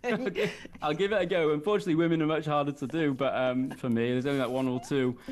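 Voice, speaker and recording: A man's voice: fairly high pitch, fairly even intonation, fast talker. Chatty male comedian guest. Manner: chatty, self-deprecating, many restarts. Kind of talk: casual chat.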